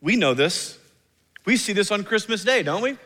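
A man in his thirties preaching a sermon as pastor, emphatic, slowing down and dropping soft on key phrases. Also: high-pitched, lively intonation. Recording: long reverb of a large hall.

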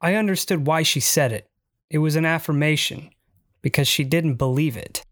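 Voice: mid-range voice, normal speed, dry recording. A narrator reading a first-person memoir in a dry, wry storytelling manner.

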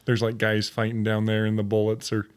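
A man with a low, flat voice talking on a podcast. He speaks hesitantly and gropes for words as he goes, with little rise or fall. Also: a little fast, clear, resonant tone. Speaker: podcast co-host. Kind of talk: casual chat.

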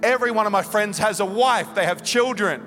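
A man in his late thirties preaches in a large hall whose long reverb trails after each phrase. His voice sits a touch high for a man, and he shifts between hushed confession and raised, pleading passion. Soft music plays faintly underneath. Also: fairly quick. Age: 30s. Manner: impassioned, confessional, swings from quiet to loud. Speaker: guest preacher. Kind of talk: sermon. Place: church hall.

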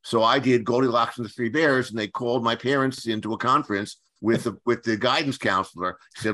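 An older man from the Philadelphia area, a guest screenwriter telling anecdotes in a halting way, with many restarts and fillers. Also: medium pitch, fairly bright tone. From Philadelphia area, USA. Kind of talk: anecdotal storytelling.

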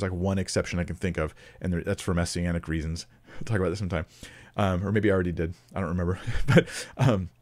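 A man's voice: deep voice, mellow. A man giving an informal Bible teaching in a conversational way, thinking aloud with fillers and restarts. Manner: reads scripture with rising emphasis. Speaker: preacher.

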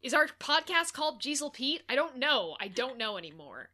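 A woman's voice: high-pitched, big pitch swings, normal speed, pushed and bright. A woman co-hosting a podcast in casual chat, rambling and tripping over her words, laughing often. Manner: rambling, self-interrupting, laughs a lot. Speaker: podcast co-host.

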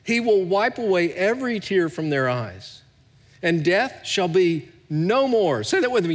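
A middle-aged pastor preaching a sermon, swinging between hushed and loud, recorded in a large church hall. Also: male voice, high-pitched, very animated, a little slow. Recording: long hall reverb.

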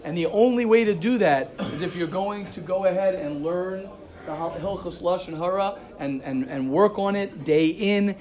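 Animated man teaching a casual class. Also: high voice, normal speed. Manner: animated, storytelling, repeats phrases. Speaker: Torah teacher. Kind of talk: informal class talk.

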